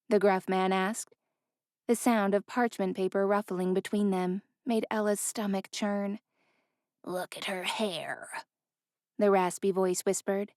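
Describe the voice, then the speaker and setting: A woman narrating a fantasy romance audiobook in an even, clear storytelling voice. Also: mid-range voice, dry recording, studio quality. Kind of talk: scripted narration.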